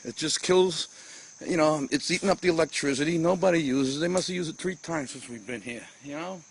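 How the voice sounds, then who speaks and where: A man's voice: on the high side, fairly quick, a little hiss or hum. A middle-aged man, griping his way through a comedic rant while touring his own house and yard. He stammers and restarts often and grows more exasperated as he goes.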